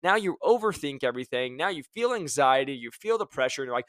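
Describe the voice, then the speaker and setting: A man hosting a casual motivational talk to his listeners, energetic and jokey, often acting out what other people say. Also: mid-range voice, quick pace, hardly any pauses, no echo, clean studio sound. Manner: energetic, jokey, acts out quoted voices. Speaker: host.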